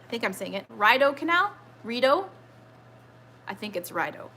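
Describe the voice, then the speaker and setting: A woman's voice: a little high, sing-song, fast, bright, forceful tone, slightly rough. A woman in her thirties hosting a casual trivia live stream from home, chatty and rambling as she answers viewer comments. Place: home with children nearby.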